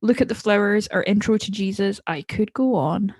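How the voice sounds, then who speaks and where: A woman in casual podcast chat, laughing often as she reads out listener comments. Her voice is of middling pitch and sits close and dry on the mic. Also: moderate pace, darkish tone, no room sound. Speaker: podcast co-host.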